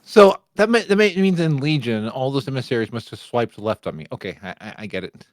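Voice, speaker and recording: A man's voice: mid-range voice, expressive, no echo. A man co-hosting a casual gaming podcast, chiming in with playful jokes. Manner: playful, quick jokey interjections. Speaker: podcast co-host.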